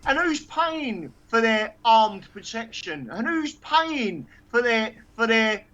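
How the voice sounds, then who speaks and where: Male stream guest, high voice, muffled lo-fi line, indignant and rhetorical. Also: sing-song, takes it slowly, sharp tone. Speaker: co-host on a live stream. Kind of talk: casual livestream chat.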